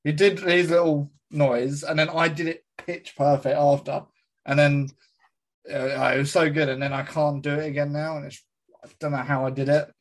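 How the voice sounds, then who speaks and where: A young man chatting on a casual podcast, his voice sitting a little high. He laughs often and tells stories with easy energy. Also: flat delivery, moderate pace. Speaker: podcast co-host. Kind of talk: casual chat.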